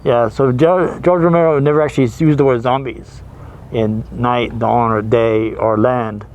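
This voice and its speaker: A man's voice: mid-range voice, fairly even intonation, unhurried, darkish tone, a little hiss or hum. A man hosting a horror movie show, talking casually and rambling, laughing easily and trailing off. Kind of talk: casual chat.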